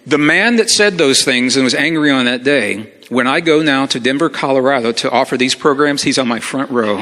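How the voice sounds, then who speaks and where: A middle-aged man telling a personal story to a live audience, acting out the dialogue with lively energy. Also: a little high. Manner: animated, acts out quoted dialogue. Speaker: speaker. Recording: long hall reverb.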